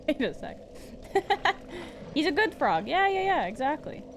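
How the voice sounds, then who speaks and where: A woman streaming a game live, chatting casually with her chat, giggling often and breaking into excited outbursts. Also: high-pitched, takes it slowly, slight background noise.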